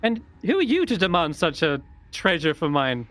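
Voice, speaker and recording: A man's voice: a little high, huge pitch swings, normal speed, fairly bright tone, voice pushed up. A man voicing a cheeky, defiant halfling woman bard in a tabletop game. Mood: indignant. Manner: sassy, indignant.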